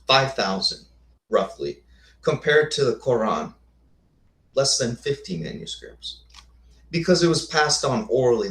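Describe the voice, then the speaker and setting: A man hosting a casual lecture with slides, thinking aloud with rhetorical questions and answering viewers' comments. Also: medium pitch. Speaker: host. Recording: echoey room.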